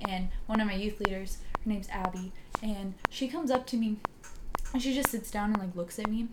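A woman, a podcast guest, telling a personal story in a casual, halting way with many fillers and restarts, sometimes dropping almost to a whisper. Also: mid-range voice, steady tone. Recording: loud background noise with clicks.

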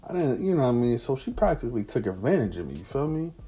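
A man's voice: mid-range voice, big pitch swings, fast, dark tone, breathy edge. A man casually telling a personal anecdote in slangy, profane street talk. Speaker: storyteller.

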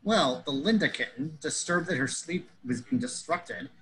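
A man's voice: fairly high pitch, expressive, moderate pace, a bit bright, poor audio. A man telling a comedic story in a pedantic, wordy way, fussing over grammar and metaphors.

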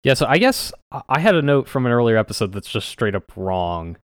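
A man's voice: mid-range voice, sing-song, fairly quick, clear, resonant tone, dry recording, clean studio sound. A man co-hosting a podcast in casual chat, chatty, laughing between remarks and quoting others in raised voices. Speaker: podcast co-host.

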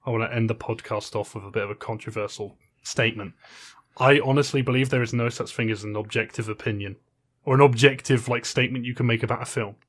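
Male podcast co-host with a mid-range voice, earnest and steady, argues his case plainly. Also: medium pitch, fast. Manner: earnest, steady, lays out an argument. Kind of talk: casual chat.

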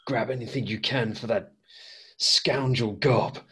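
A man voicing a weary adventurer monk in a tabletop game, gruff and urgent. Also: medium pitch, fairly even intonation, a little slow, pushed and bright, heavily acted.

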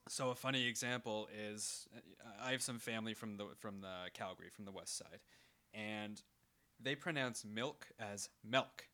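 A Canadian man co-hosting a casual comedy podcast, delivering absurd jokes in a dry, deadpan way. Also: on the low side, normal speed. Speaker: podcast co-host.

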